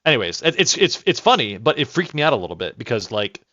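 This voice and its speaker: A man streaming a game with casual, rambling commentary, excitable, with restarts and swearing. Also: medium pitch, fast, no room sound. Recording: dull lo-fi dry mic.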